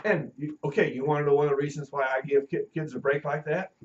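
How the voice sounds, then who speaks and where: A man's voice: a little high, steady tone, quick pace, dull audio. A middle-aged man teaching a class, telling anecdotes and acting out the voices of people in his stories. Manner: storytelling, acts out quoted voices. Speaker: teacher educator.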